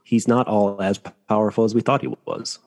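A man co-hosting a podcast, making a point about a book in a measured way while searching for words. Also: lowish voice, fairly even intonation, a little mellow. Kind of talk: casual book discussion.

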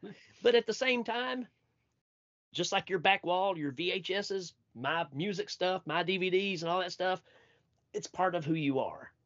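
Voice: mid-range voice, moderate pace, fairly bright tone, no room sound. A Gen X podcast guest chatting casually about a film, retelling scenes with laughter. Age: 40s to 50s. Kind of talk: casual movie chat. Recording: dry, dull lo-fi podcast audio.

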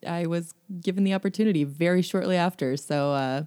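A woman chats on her podcast in a lowish voice. She is chatty, laughs a lot and slips into imitations. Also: a little fast, a little mellow, smooth. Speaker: podcast co-host. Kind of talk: casual chat.

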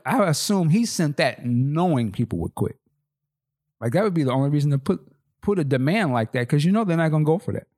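A man's voice: mid-range voice, a little mellow. Laid-back man in casual talk. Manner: laid-back, laughs often, slangy, rhetorical questions. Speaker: podcast co-host. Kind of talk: casual chat.

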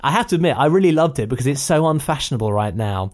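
A man's voice: medium pitch, expressive, quick pace. A man hosting a film review podcast, talking in an enthusiastic, persuasive, rambling way. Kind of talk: casual film review chat.

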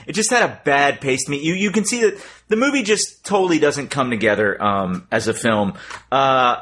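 A man's voice: mid-range voice, fairly bright tone. A man hosting a film podcast, talking in a hesitant, reflective way with many ums and restarts. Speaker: podcast host. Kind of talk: casual film discussion.

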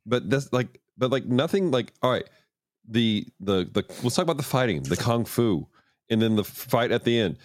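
A man's voice: mid-range voice, expressive, normal speed, dry recording, clean studio sound. A man co-hosting a casual movie review podcast, rambling and mocking, full of fillers. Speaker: podcast co-host.

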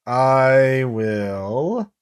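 Man in a tabletop game, lively pitch, wry, dry chiding remarks. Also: extremely slow, clear, resonant tone. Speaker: player.

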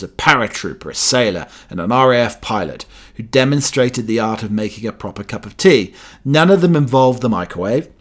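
A British-born man hosting a radio show, chatting in a meandering way with many fillers and playful asides. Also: mid-range voice. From Britain.

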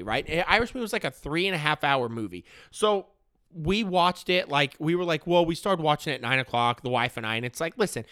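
A man's voice: mid-range voice, a bit bright, no echo, clean studio sound. A man hosting his own podcast in rambling, joking casual chat, dropping "like" constantly. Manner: rambling and joking, heavy use of "like". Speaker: podcast host.

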